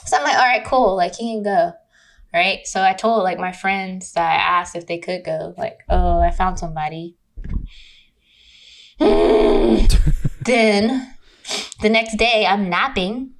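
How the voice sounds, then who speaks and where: A woman guest on a podcast tells a story in loose, lively chat. She swears often and slips into mocking impressions of the people in the story. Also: mid-range voice, slow. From California. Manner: animated, profane, mocking impressions. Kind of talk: casual storytelling. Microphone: remote recording.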